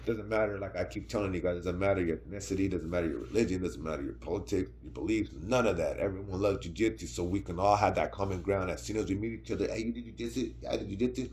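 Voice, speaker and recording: A man's voice: sits low, fast talker, hardly any pauses, a little mellow, slight background noise. A middle-aged man telling a story to camera in a casual, slangy, rambling way, often asking "right?". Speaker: vlogger.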